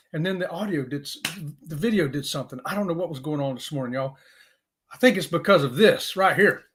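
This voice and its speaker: A man hosting a live stream in casual chat, folksy and excitable, often saying y'all. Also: on the high side.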